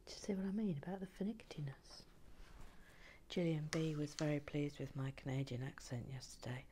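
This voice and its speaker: Soft, low-voiced woman murmuring while building. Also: steady tone, brisk, a little hiss or hum. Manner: soft-spoken, often drops to a whisper, mutters to herself. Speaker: streamer building a brick kit and reading chat. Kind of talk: casual live-stream chat while building.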